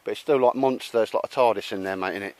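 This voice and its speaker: A man's voice: lowish voice, rapid-fire, slight background noise. A man with a Cockney accent chatting casually outdoors while showing a tarp shelter, laddish and calling everyone mate. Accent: London Cockney. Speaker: outdoor gear vlogger. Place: outdoors at a campsite.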